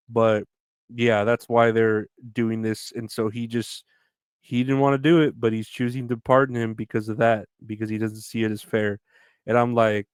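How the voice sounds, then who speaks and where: A man's voice: fairly low pitch, flat delivery, moderate pace, clean tone, no echo, clean studio sound. A man hosting a solo podcast, ranting in a profane, sarcastic way with crude jokes. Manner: profane, sarcastic, mocking quoted voices. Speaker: podcast host. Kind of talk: rambling solo podcast rant.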